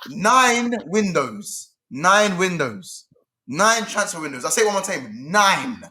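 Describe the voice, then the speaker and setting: A man's voice: sits high, very animated, measured pace, pushed and bright. Exasperated young man ranting about football. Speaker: football fan panelist. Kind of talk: heated casual football debate.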